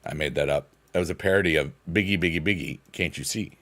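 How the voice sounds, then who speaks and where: A man's voice: deep voice, fast talker, fairly bright tone. A young man chatting casually on a live stream while gaming, rambling and playful with silly sing-song noises.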